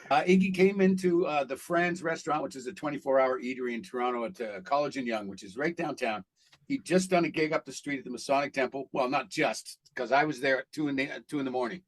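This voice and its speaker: A man who works as a voice actor telling stories in a casual interview, animated and laughing as he acts out what people said. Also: mid-range voice, fast, poor audio. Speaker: voice actor guest.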